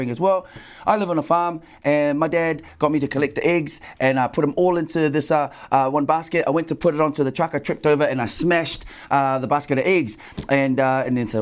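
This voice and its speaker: A man telling a joke in casual chat, halting often with fillers along the way. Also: mid-range voice. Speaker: player.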